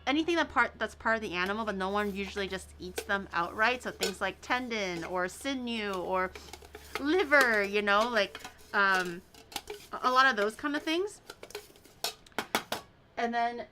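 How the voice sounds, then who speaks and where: A woman's voice: on the high side, noisy background. A woman hosting a baking video, chatting casually and rambling through stories with the odd swear. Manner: rambling storyteller, swears casually, many fillers. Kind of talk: casual chat while baking.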